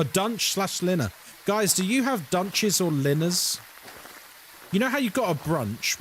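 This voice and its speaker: Lively, chatty male game streamer. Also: on the high side, slight background noise. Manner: chatty and playful, answering viewer chat. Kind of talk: casual live-stream chat while gaming.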